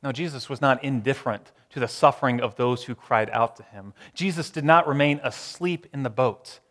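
A man preaching a sermon, moving between raised emphatic lines and hushed, slow repetitions. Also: mid-range voice, big-room sound.

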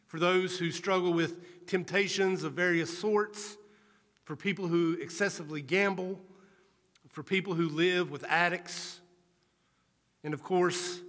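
A male preacher giving an earnest sermon, telling a story in a measured, storytelling manner. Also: fairly high pitch, fairly bright tone. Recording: reverberant hall.

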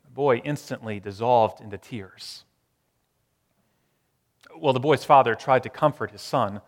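A man preaching a sermon, shifting between strong emphasis and quiet, hushed phrases with long pauses. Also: mid-range voice, long reverb tail. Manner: dramatic pauses, swings from loud to hushed. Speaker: pastor.

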